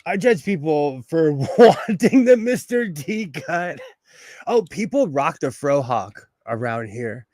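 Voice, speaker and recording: A man from Los Angeles hosts a sewing livestream, telling stories in a loose, chatty way and laughing often. His voice sits a little high and comes through dry and close, with no room sound. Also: big pitch swings, slow pace, darkish tone, dry recording. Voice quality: bald. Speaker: livestream host. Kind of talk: casual chat while sewing.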